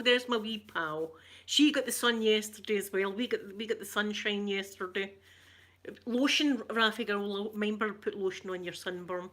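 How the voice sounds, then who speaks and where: A woman's voice: mid-range voice, a little slow, pauses often, fairly bright tone. A middle-aged woman with a Glaswegian Scottish accent, chatting casually with her live stream viewers, greeting them by name and laughing often. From Scotland.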